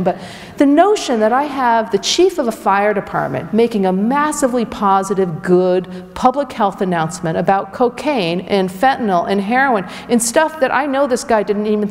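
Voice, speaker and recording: A woman's voice: medium pitch, lively intonation, fairly quick, a little mellow. A woman physician giving a direct, emphatic public health lecture to a community audience. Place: community event hall. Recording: long reverb of a hall.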